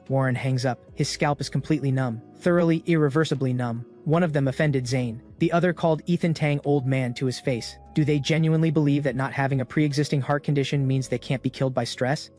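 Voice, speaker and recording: A man's voice: medium pitch, fairly even intonation, quick pace, hardly any pauses, a little mellow, soft background music. A man narrating a story recap in a dramatic, scripted style.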